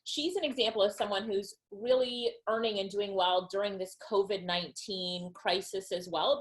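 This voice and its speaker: Woman, online business trainer, upbeat, mid-pitched webinar delivery. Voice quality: upbeat and enthusiastic, laughs between points.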